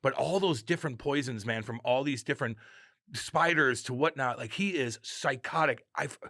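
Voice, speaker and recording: A man's voice: mid-range voice, moderate pace, a bit bright, no room sound, clean studio sound. Blunt, joking man in casual banter. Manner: blunt, joking, swears freely. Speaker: podcast co-host. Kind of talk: casual chat.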